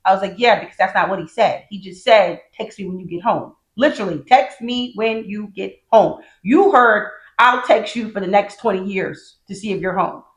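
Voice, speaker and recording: A woman's voice: medium pitch, fairly quick, few pauses, a bit bright, roomy sound, poor audio. A woman co-hosting a casual podcast, telling stories and acting out quotes. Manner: chatty storyteller, acts out quotes. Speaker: podcast co-host.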